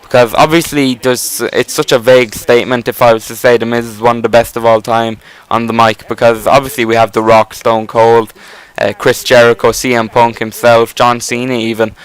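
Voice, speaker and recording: A man talks over gameplay in a loose, rambling way, full of restarts, fillers and the odd curse. His voice is smooth and clear and sits at an ordinary middle pitch. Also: little pitch movement, normal speed, hardly any pauses, poor audio. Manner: enthusiastic, rambling, casual swearing. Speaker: gameplay commentator. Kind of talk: casual rambling commentary.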